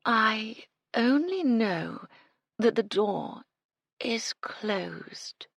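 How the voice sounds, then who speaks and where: A woman voicing a mystical, condescending bohemian woman who speaks in drawn-out, mysterious murmurs. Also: on the high side, big pitch swings, husky, no echo, voice pushed up, exaggerated voice. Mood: eerie.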